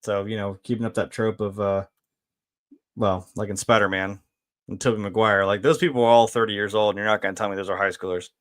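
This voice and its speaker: A man giving a casual film review, laid-back and rambling, with lots of fillers, swearing and quick laughs. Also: fairly low pitch, fairly even intonation, fairly bright tone.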